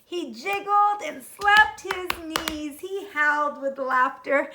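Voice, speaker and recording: A woman reading a children's storybook aloud in a gentle, expressive way, chuckling along. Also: sits high, slow pace, hardly any pauses, a little hiss or hum.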